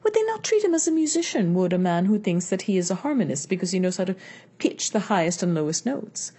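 A woman's voice: mid-range voice, very animated, fast talker, dark tone, slightly rough. A woman reading the lines of an older male philosopher in a patient, questioning manner. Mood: reasoning. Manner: reasoned, questioning delivery.

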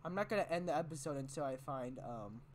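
A woman giving casual gameplay commentary, excitable and prone to loud exclamations. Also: deep voice, fast talker, slight background noise. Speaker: let's player.

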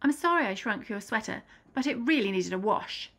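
A woman's voice: a little high, expressive, a little fast, fairly bright tone, faint music behind. A woman playing an apologetic partner in a comic sketch, speaking earnestly and a little flustered. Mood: sheepish.

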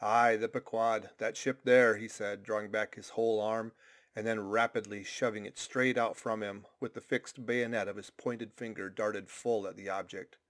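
A man narrating a classic novel chapter in steady, measured storytelling. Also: fairly low pitch. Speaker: audiobook reader.

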